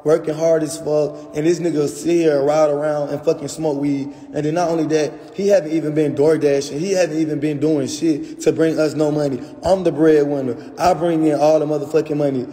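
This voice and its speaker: A man's voice: a little high, fairly even intonation, fairly quick, few pauses, dark tone. A young man venting angrily on a phone livestream, cursing as he talks to his viewers. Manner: angry, profane ranting to viewers. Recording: echoey room with long reverb.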